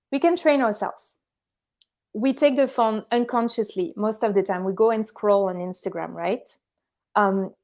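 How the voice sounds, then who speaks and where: A young adult woman, a guest on an interview show, calmly explaining meditation with everyday examples. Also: a little high. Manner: calm, instructive, gives everyday examples. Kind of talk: explanatory conversation.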